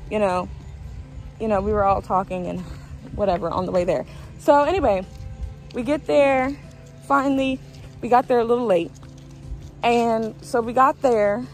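A woman's voice: on the high side, rough recording. Chatty young woman telling a story. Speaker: vlogger. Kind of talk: storytime vlog, casual chat.

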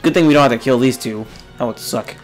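A man's voice: mid-range voice, fast, soft background music. A young man giving jokey, exasperated let's play commentary, yelping and grunting as he plays, sounding a little sick. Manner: exasperated, excitable, jokey, frequent yelps and grunts. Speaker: gamer.

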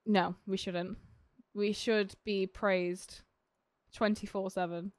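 A woman's voice: mid-range voice, little pitch movement, slow, no echo, studio quality. A young woman in casual gaming chat, swearing, laughing and teasing her co-host.

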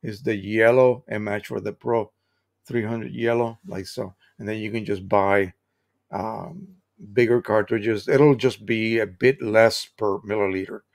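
A man's voice: fairly low pitch, fairly even intonation, a little slow, gravelly. Chatty American man hosting a live tutorial. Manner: chatty, explains with examples, frequent restarts. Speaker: live stream host. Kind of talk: casual live-stream tutorial.

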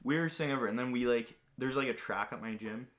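A man's voice: mid-range voice, quick pace, a bit bright. Rambling young man from Greece. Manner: rambling, filler-heavy storytelling with lots of "like". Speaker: vlogger answering viewer questions. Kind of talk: casual chat.

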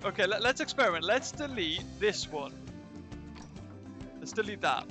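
A high-pitched, sing-song voice at normal speed carries this let's play streamer's casual commentary as he plays a zoo-building game and answers chat. He is recovering from illness, and music plays in the background.

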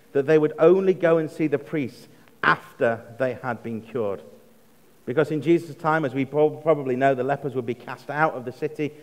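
An English man delivers a sermon in an ordinary mid-pitched voice, measured and deliberate. He slows right down for emphasis and softens to almost a hush when quoting. The long reverb of a church hall trails after every phrase. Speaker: preacher.

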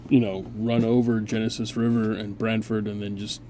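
A man's voice: lowish voice, little pitch movement, normal speed, warm tone, a little hiss or hum. A man hosting a gameplay video, chatting casually and barking mock-grand orders at his units with a sarcastic edge.

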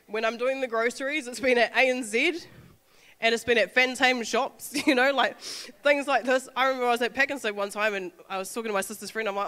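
Nz woman in her 30s telling a church story, laughs a lot, bright tone, echoey hall. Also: fairly high pitch, fast. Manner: animated storytelling with frequent laughter. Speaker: speaker sharing a testimony. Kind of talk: informal sermon talk.

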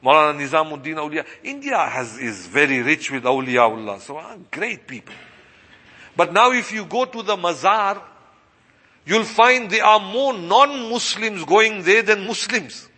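A man's voice: sits high, animated, unhurried, bright, forceful tone, husky. A man giving a sermon as an imam, asking his listeners rhetorical questions and repeating his points. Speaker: imam and preacher. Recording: long reverberant hall.

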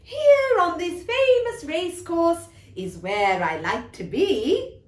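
A woman's voice: very high voice, big pitch swings, slow pace, heavily acted. A woman voicing a cheerful male rocking horse in a storybook, chanting in a playful sing-song way. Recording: echoey room.

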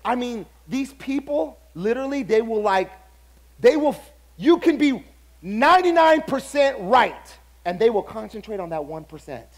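A man pastor preaching a sermon, telling stories with lively acted-out dialogue. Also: very high voice, normal speed. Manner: animated storytelling, acts out other people's lines.

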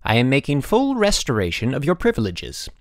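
A man's voice: mid-range voice, huge pitch swings, dry recording, studio quality. A man voicing a dignified, formal middle-aged headmaster in an audiobook. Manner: formal, measured, pleased.

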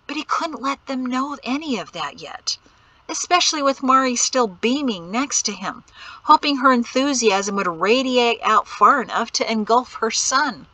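A woman reading a novel aloud as an audiobook narrator, in a measured, steady storytelling manner. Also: medium pitch, no echo, poor audio. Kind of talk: scripted narration.

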